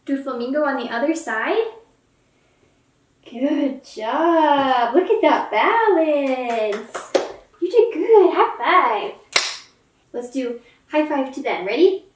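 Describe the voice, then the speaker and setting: A young woman leads children through yoga poses in a high, gentle voice, taking her time and cheering them on. She sounds a little distant from the mic, in a room with a noticeable echo. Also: expressive, takes it slowly, pauses often, slight background noise. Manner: gentle, encouraging, playful with animal sounds. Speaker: yoga instructor. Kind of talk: kids yoga class instruction.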